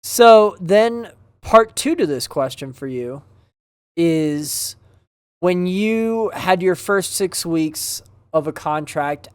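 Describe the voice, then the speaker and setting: A man co-hosting a casual podcast, laid-back and asking drawn-out questions. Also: a little high, no room sound. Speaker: podcast co-host.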